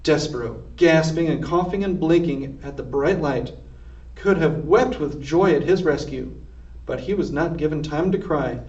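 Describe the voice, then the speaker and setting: A man with a fairly high voice reads a children's storybook aloud with plenty of expression. He sounds far from the mic in an echoey room, and the recording is dull. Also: normal speed. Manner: expressive read-aloud narration. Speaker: reader. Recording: distant roomy lo-fi recording.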